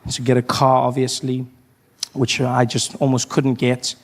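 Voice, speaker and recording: A male comedian performing stand-up, telling a story in an animated way and breaking into sudden shouts. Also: medium pitch, moderate pace.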